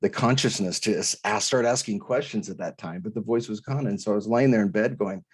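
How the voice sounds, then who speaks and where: Idaho guy telling his story on an interview, lowish husky voice, earnest, lots of restarts. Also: a little fast. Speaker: guest, author.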